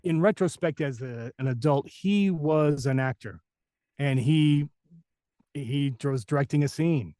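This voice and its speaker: A man who works as a voice actor, telling a story as a podcast guest in a lively, casual way and acting out the people he quotes. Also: fairly high pitch, a little slow, dry recording, studio quality. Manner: animated, acts out the people he quotes.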